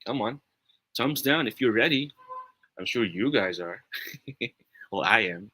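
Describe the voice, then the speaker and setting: A man with a Filipino accent hosts a live-streamed English lesson in a lively, upbeat way. He reads out viewer comments as they come in. His voice is rather low but sounds bright and forceful. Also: a little slow, husky, dry recording, low-quality recording. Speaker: online English teacher.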